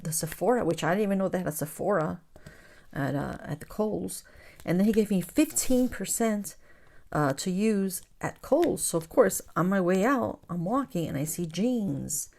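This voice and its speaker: A woman's voice: fairly low pitch, darkish tone. A woman hosting a crafting channel, chatting casually to her viewers and telling stories, sometimes dropping into a whisper. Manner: chatty storyteller, calls her viewers "guys", drops to whispers. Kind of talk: casual chat while crafting.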